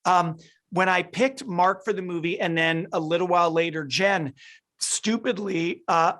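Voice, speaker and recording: A middle-aged film director answers interview questions over a video call, his voice sitting high, unhurried, and a little bright. He's eager, often restarting his sentences and repeating words as he thinks.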